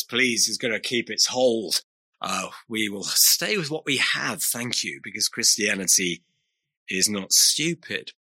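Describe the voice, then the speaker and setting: A man delivers a sermon with a very bright, forward tone and a husky edge. He speaks earnestly and deliberately, pausing often and repeating key phrases for weight. The sound is dry, with little room echo. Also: medium pitch. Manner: measured, earnest preaching with frequent hesitations and emphatic repetition. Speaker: preacher.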